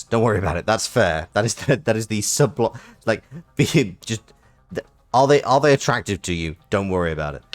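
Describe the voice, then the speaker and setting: A man streaming a game, reading its text aloud and chatting in animated, quick asides. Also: lowish voice. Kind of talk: casual game playthrough with narration.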